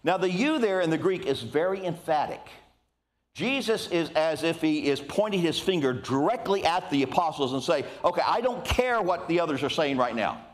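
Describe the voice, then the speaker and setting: Animated older male preacher. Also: fairly high pitch, normal speed. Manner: animated, conversational preaching with asides. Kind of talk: sermon.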